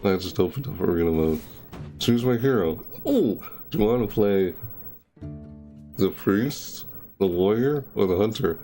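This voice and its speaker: A man's voice: on the low side, expressive, measured pace, mellow, soft background music. A young man chatting casually during a live game stream, rambling and repeating and correcting himself. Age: young adult. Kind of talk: casual live-stream chat over gameplay.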